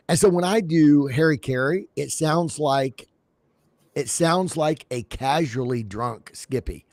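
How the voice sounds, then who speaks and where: A man's voice: mid-range voice, slow, no echo. A man co-hosting a podcast, chatting casually about sports with frequent restarts and playful impressions. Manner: animated, restarts, breaks into comic impressions. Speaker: podcast co-host.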